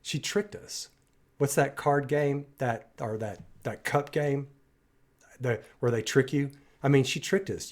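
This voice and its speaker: A man's voice: medium pitch, unhurried, a little mellow. A man hosting a music reaction video, breaking down a singer's performance in an enthusiastic, admiring way that rambles with restarts. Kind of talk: music analysis commentary.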